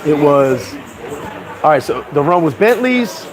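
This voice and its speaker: New guy in his 40s, cussing and laughing thru his stories, loud crowd all around. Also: fairly high pitch, unhurried, poor audio. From New York. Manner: animated, profane, laughing storyteller. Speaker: host. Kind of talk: casual storytelling chat. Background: crowd chatter.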